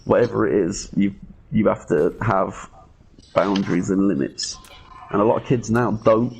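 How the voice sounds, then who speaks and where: A man's voice: on the low side, moderate pace, gravelly, a little mellow, slight background noise, low-quality recording. A man chatting casually on a stream in a laid-back, musing way. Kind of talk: casual chat.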